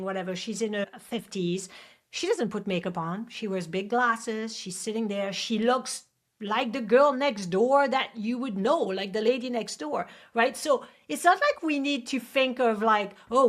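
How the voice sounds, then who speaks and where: A woman with a French accent hosting a show and coaching guests, energetic and often checking in with "right?". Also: fairly high pitch. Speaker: host and acupuncture coach. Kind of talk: coaching advice in a video call show.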